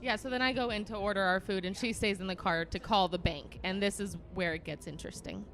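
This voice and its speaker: Young woman guest, mid-pitched, casual chatty voice, fills in the story. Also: quick pace, a bit bright, a little hiss or hum.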